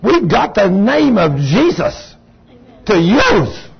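A man's voice: high voice, sing-song, takes it slowly, vocal fry, husky. A man preaching a sermon in a fervent, folksy storytelling way. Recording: dull lo-fi recording. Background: congregation saying amen.

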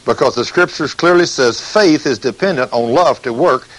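A man preaching a sermon, reading scripture slowly and telling stories with emphasis. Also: medium pitch, fairly bright tone, low-quality recording.

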